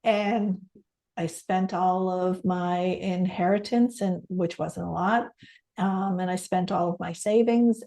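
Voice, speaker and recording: A woman's voice: on the low side, warm tone. A middle-aged Canadian woman, a podcast guest, sharing a heartfelt personal story in an earnest way. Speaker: podcast guest, stress coach and author.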